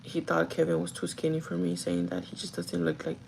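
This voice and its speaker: A woman's voice: deep voice, sing-song, a little fast, gravelly, darkish tone, slight background noise, low-quality recording. A woman who works as a store manager tells a casual, gossipy story to her livestream chat, full of "like" and the odd swear word. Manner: chatty and gossipy, with frequent "like" and swearing.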